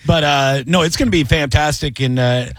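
A man chatting casually as a comedian and podcast co-host, telling stories with lively voices. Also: a little high, normal speed, dry recording, clean studio sound. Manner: animated storytelling with voices. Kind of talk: casual chat.

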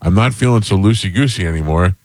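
A man's voice: low-pitched, quick pace, no echo. A man hosting a chat show, telling a long personal story in a casual, rambling way with self-deprecating jokes. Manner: rambling, animated anecdote with self-deprecating humor. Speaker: podcast host.

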